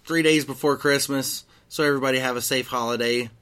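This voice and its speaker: A man's voice: medium pitch, fairly even intonation, brisk, a bit bright, clean tone. A man co-hosting a comedy podcast, reading fan fiction aloud with giggles and a theatrical delivery. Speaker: podcast co-host.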